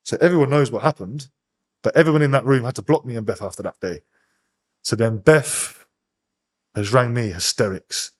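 A young man, a podcast guest, bluntly retelling events with heavy swearing and animated energy. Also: medium pitch, normal speed, long pauses, slightly rough. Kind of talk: casual interview storytelling.

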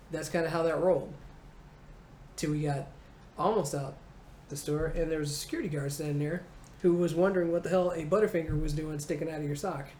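A comedian in her forties tells a childhood story in an interview, lively and laughing, acting out the people in it. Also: sits low, quick pace. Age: 40s. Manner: animated, acting out voices, laughing. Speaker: comedian guest. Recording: roomy echo, faint noise.

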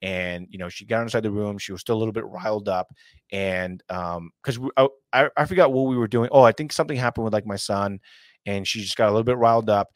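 A man's voice: fairly low pitch, fast, no echo, studio quality. A young adult man hosting a casual commentary show, talking in a rambling, earnest way with many fillers and asides. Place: small hot room at home.

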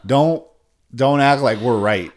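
A young man co-hosting a podcast, chatting casually about a reality show, swearing freely and getting worked up as he acts out the people he quotes. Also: slow. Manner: profane, animated, acts out quoted people in a high voice. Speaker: podcast co-host.

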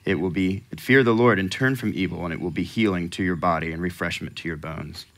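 A male pastor delivers a sermon in an easy, conversational way, often tossing questions to the congregation and laughing. His voice sits a little low but has a bright, forceful edge. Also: moderate pace.

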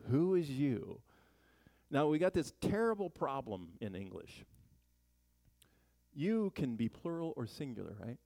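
A man's voice: medium pitch, sing-song, normal speed, gravelly, darkish tone, no room sound. A man teaching a Bible study in a chatty sermon style, full of joking asides and rhetorical questions.

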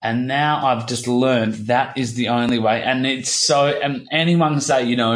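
A man in his thirties talking candidly as an interview guest, halting and repeating himself, swearing casually. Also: mid-range voice, fairly even intonation. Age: 30s. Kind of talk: candid personal conversation.

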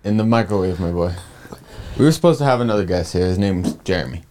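A man's voice: sits low, expressive, fast, mellow. A man co-hosting a casual podcast, a laid-back storyteller who rambles into asides. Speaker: podcast co-host.

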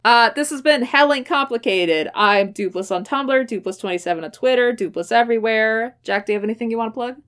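Woman podcast host, casual and excitable, swears a lot, quick to laugh. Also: a little high, smooth. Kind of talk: casual chat.

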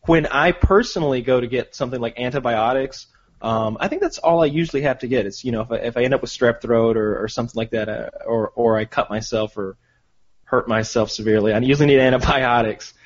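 A man's voice: mid-range voice, fast. A man co-hosting a casual podcast, rambling and restarting his sentences often. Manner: rambling, hesitant, many restarts. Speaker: podcast co-host. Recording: dull lo-fi recording.

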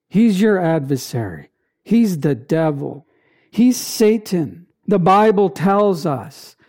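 A preacher gives a sermon in a warm, mellow voice. The delivery is unhurried and emphatic, leaning on dramatic pauses and repeated lines. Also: medium pitch.

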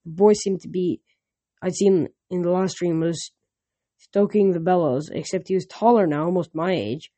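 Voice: medium pitch, dark tone, no room sound. A reader reading a novel aloud in first person, with frequent slips and restarts.

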